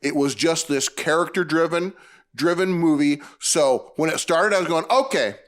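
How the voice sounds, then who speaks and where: A man with a slightly high voice co-hosts a casual movie review chat. He rambles and restarts his sentences as he works out his thoughts aloud. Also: fairly even intonation, moderate pace.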